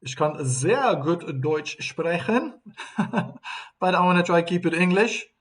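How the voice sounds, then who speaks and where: A man's voice: high-pitched, slow pace, a bit bright. A man doing live tennis commentary on a stream, chatting and reading out viewer comments between points.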